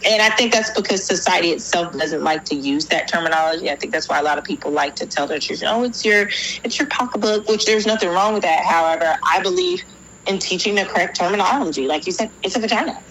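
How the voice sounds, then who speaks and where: Podcast co-host, young woman, low but bright voice, earnest and emphatic. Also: animated, fast talker, a little hiss or hum, rough recording. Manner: emphatic, earnest, repeats her points. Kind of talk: casual chat.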